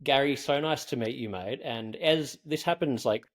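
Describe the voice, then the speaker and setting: A man's voice: medium pitch, moderate pace, soft background music. A man in his thirties with an Australian accent, hosting a podcast and chatting casually with a guest. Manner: relaxed, chatty, says "mate". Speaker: podcast host. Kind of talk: casual interview chat with scripted intro.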